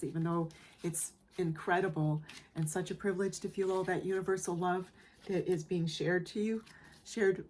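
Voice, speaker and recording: A woman giving a collective tarot reading in a soft, emotional way, often repeating phrases and checking in with the listener. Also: lowish voice, a little hiss or hum. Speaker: tarot reader. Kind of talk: gentle spoken tarot reading.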